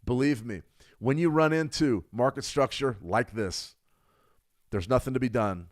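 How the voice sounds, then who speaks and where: A man hosting a live trading stream, giving energetic market commentary, repeating key phrases for emphasis and answering viewers' chat. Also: mid-range voice, a little slow. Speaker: trading livestream host.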